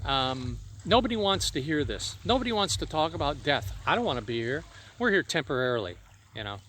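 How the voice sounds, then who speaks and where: A man's voice: a little high, big pitch swings, a little fast, a bit bright, slight background noise. A middle-aged man in a rambling personal monologue, swearing freely as he talks to an absent friend about old times. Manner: profane, reminiscing, addresses an absent friend. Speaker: vlogger.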